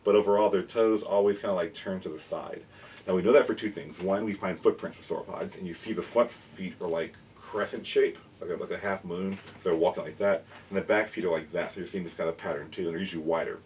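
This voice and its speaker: Man, deep voice, eager and rambling, casual educational show-and-tell, heard from a bit away from the mic. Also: fairly even intonation, a little mellow. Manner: eager, rambling, quick restarts. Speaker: dinosaur educator and toy collector. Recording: mic at a distance, faint background noise.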